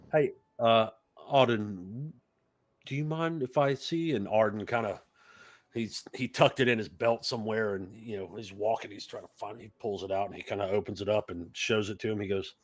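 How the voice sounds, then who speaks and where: A man narrating a tabletop game as game master, talking loosely with lots of fillers. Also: on the low side. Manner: rambling, loose, with many fillers.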